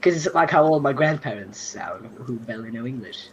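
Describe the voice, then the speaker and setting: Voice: medium pitch, expressive, a little fast, a crowd in the background, poor audio. A tabletop player chatting casually, hesitant and self-deprecating. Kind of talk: casual chat.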